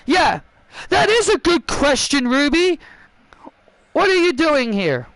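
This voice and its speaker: A man doing a cocky newcomer wrestler woman, high and unhurried. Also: big pitch swings, a bit bright, no room sound, exaggerated voice, poor audio. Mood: smug. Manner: boastful, mocking. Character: cocky female wrestler, newcomer demanding a title shot. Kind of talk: voicing wrestlers over a video game.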